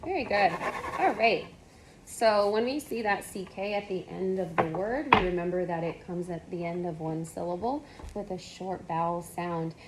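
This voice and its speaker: A woman tutoring one-on-one in phonics, giving patient step-by-step prompts and steady encouragement. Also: lowish voice, normal speed, heavy background noise. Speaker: reading tutor.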